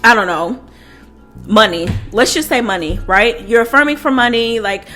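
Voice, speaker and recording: A woman's voice: a little high, normal speed, pushed and bright, faint music behind. Emphatic self-assured woman coach. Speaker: manifestation coach. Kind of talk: casual talking-to-camera advice.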